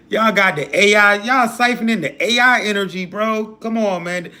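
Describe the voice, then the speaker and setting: A man's voice: sits high, a little slow, pushed and bright. Preachy, profane man ranting to his stream. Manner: preachy, profane, hype talk with slang. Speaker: livestream host. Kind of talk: casual livestream rant.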